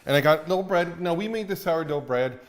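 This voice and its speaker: A man's voice: a little high, fairly quick. A man hosting a cooking show from a cottage kitchen, chatting and explaining as he cooks. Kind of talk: casual cooking demo.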